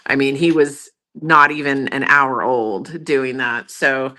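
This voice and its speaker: Deep-voiced older woman, bright forceful tone. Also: steady tone, slow. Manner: earnest, flowing, filler-heavy. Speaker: tarot reader. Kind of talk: casual live tarot reading.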